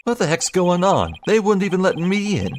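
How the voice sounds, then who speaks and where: A man voicing a brash, sleazy middle-aged TV producer with fast showbiz patter. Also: high-pitched, big pitch swings, faint music behind. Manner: fast-talking showbiz patter, drawn-out taunts.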